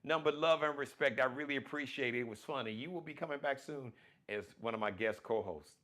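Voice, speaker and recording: A man hosting his own live-streamed talk show, speaking in in a folksy, animated way, full of shout-outs and plugs. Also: mid-range voice, fairly quick.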